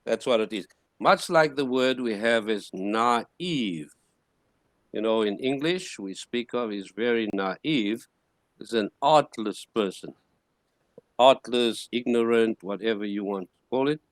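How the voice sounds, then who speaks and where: Guy teaching a class, slow and drawn out, says each word over and over, dry sound. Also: medium pitch, dry recording. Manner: slow and repetitive, sounding words out syllable by syllable. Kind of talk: classroom lesson.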